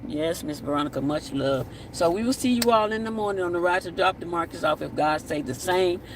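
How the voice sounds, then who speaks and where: A man hosting a casual live stream, reading viewer comments, repeating himself and sending blessings. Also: on the high side. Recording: distant mic with faint outdoor noise.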